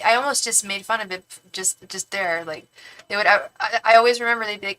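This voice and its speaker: A woman's voice: medium pitch, fast talker, poor audio. Slangy Northern California woman streamer. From San Francisco Bay Area, California. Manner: animated and slangy, with frequent "like" and playful swearing. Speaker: tarot reader and livestream host. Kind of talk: casual livestream chat, reading viewer comments aloud.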